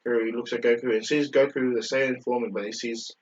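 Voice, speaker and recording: A man's voice: mid-range voice, fairly even intonation, brisk, muffled recording. A man casually retelling a fan story, rambling with many fillers and self-corrections.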